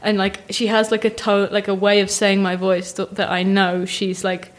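Young woman guest on a podcast, chatty, self-deprecating, animated. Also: mid-range voice, normal speed. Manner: self-mocking, animated, acts out quotes of others. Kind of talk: casual chat.

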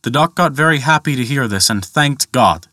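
A man narrating a folktale in a steady, measured storytelling manner. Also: mid-range voice, dry recording, studio quality.

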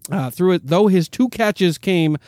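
A young adult man hosting a sports chat, reading team news haltingly with many fillers and repeated words. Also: sits high, a little mellow, dry recording.

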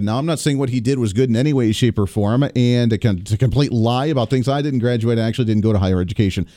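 An American man hosts a political talk radio show in a mellow, warm tone. He argues in an animated, sarcastic way and mocks quotes with put-on voices. The sound is close and dry. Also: mid-range voice, no room sound.

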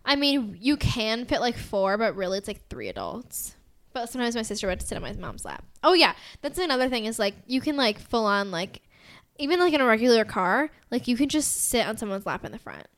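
A woman's voice: fairly high pitch, very animated, a little fast, a bit bright. A young woman with an American accent, chatting casually as a podcast co-host, rambling with lots of fillers and giggles. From United States. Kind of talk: casual chat.

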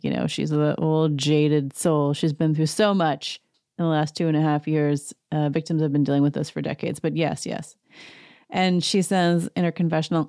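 A woman's voice: low voice, dark tone, dry recording, clean studio sound. A woman hosting a casual reality TV recap who talks in a sarcastic, gossipy, chatty way.

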